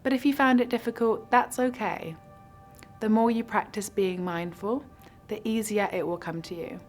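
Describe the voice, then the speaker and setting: A woman guiding a mindfulness practice with slow, soothing instructions. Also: mid-range voice, steady tone, soft background music. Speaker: mindfulness guide. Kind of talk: guided meditation.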